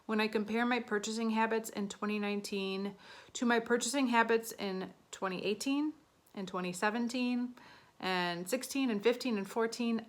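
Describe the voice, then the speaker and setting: Bright-voiced chatty woman beauty vlogger. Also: mid-range voice. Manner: chatty, flustered, counting aloud. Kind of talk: casual talk to camera.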